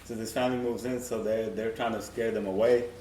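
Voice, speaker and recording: A man's voice: fairly low pitch, fairly even intonation, fairly quick, dark tone. A young man in casual podcast chat, laid-back, recapping and asking prompting questions. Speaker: podcast co-host. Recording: distant, echoey room, faint noise.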